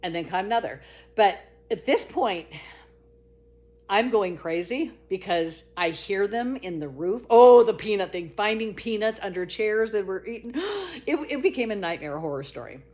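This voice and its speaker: A middle-aged woman casually telling her own story, animated, jumping to high exclaimed quotes and dropping to low murmurs, laughing as she goes. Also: moderate pace.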